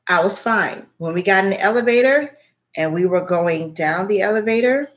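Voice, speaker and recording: A woman's voice: medium pitch, expressive, moderate pace. A woman telling a personal story in a casual vlog, candid and chatty, swearing freely between fillers. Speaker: spiritual reading channel host.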